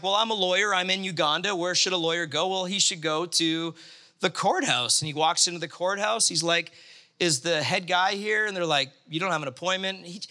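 A man preaching through a story, animated and acting out the voices of the people in it. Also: sits high. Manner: animated, acts out quoted voices. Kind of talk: storytelling sermon.

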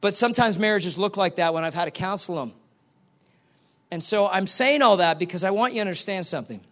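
A middle-aged male pastor preaching a sermon, animated and acting out both sides of little dialogues. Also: high voice, fairly quick.

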